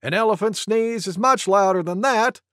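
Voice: mid-range voice, moderate pace, no echo, clean studio sound, pitched above the performer's own voice, lightly acted. A storyteller voicing a small, boastful male porcupine in a children's storybook. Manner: boastful, with a loud sneeze.

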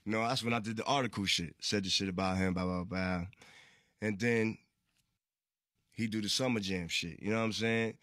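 Bright, slangy New man telling stories. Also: fairly low pitch, fairly even intonation, moderate pace, no echo, studio quality. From Queensbridge, New York. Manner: slangy, profane, acts out quoted voices. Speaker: guest. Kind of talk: casual storytelling interview.

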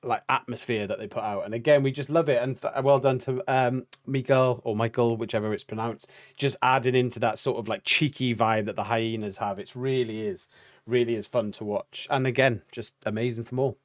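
A man's voice: mid-range voice, steady tone, a little fast, dry recording. A man co-hosting a reaction video, talking casually in a rambling, admiring way, full of "like" and "sort of". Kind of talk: casual chat.

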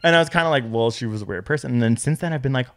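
This is a young man in casual podcast conversation, an animated storyteller. He throws himself into his anecdotes and keeps slipping into high, squeaky voices to act out what other people said. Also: racing. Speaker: podcast co-host. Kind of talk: casual chat.

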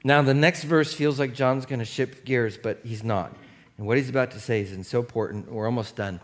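A male pastor preaching a sermon in a loose, conversational way, telling a personal story and breaking into shouts. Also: medium pitch, normal speed. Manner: animated, conversational, bursts into shouts. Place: church.

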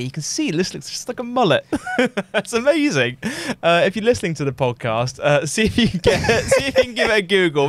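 A man's voice: high-pitched, a bit bright, dry recording. A man chatting on a podcast, amused and laughing often. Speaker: podcast host. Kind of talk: podcast chat.

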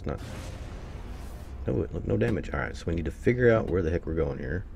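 Man, deep gravelly voice, lively swinging pitch, casual game commentary, swearing and grumbling, faint background noise. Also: fairly quick. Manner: swears freely, grumbles and talks to viewers as "people". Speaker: gameplay streamer.

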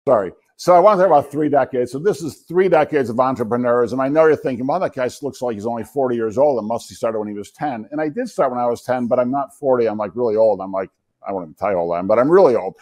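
A man's voice: medium pitch, fast, darkish tone. A man in his sixties, a physician and entrepreneur, giving a keynote talk full of funny, self-deprecating stories. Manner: self-deprecating, anecdotal, joking asides. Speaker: guest speaker, physician and entrepreneur. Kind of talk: humorous keynote storytelling.

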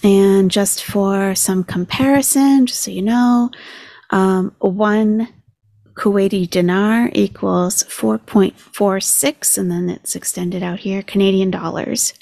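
A woman's voice: medium pitch, steady tone, takes it slowly, gravelly, a little mellow, dry recording. A woman hosting a commentary channel, chatting casually and sarcastically as she talks numbers through aloud.

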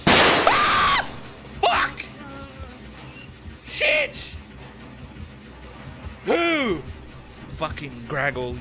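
A man streaming a game, loud and shouting and swearing as he plays. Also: extremely high pitch, huge pitch swings, very slow, long pauses. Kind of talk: live gameplay commentary. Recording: game music playing behind.

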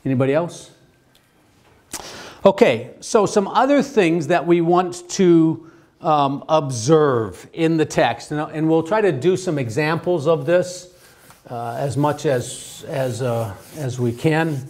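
A man teaching a theology class, talking in a halting way with many restarts and fillers and asking the class questions. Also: a little high, darkish tone. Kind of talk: classroom lecture.

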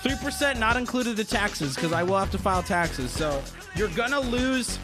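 A man streaming live, chatting casually with his audience in a rambling, excitable way and swearing a lot. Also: high-pitched, moderate pace, music in the background.

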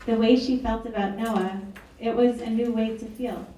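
A woman's voice: fairly high pitch, fairly even intonation, normal speed, warm tone, recorded from a distance, slight background noise. A woman author reading her book aloud at an event, with wry, chatty asides. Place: event hall. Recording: echoey hall, mic from afar.

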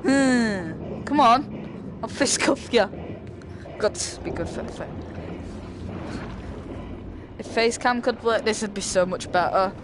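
A man's voice: sits high, unhurried. A young man giving jokey, profane commentary while playing a VR game. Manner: jokey, profane, trash-talking. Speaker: gaming video creator. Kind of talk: casual VR gameplay commentary. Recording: noisy game audio behind voice. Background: loud game boat and water sounds.

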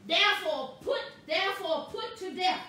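A woman pastor delivering a sermon, with slow, emphatic preaching that stresses words boldly. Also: very high voice, expressive, pushed and bright, a little hiss or hum. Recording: echoey room, voice from a distance.

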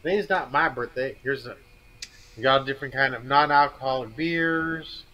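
Bright-voiced male stream host. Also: mid-range voice, moderate pace, poor audio. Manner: friendly, laughs often, trails off. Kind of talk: casual chat.

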